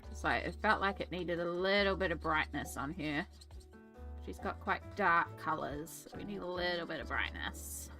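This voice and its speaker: A woman's voice: fairly low pitch, moderate pace, sharp tone, soft background music. A young woman streaming from her art desk, chatting casually and thinking aloud while she colours, with rambling asides. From Australia. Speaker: artist and streamer.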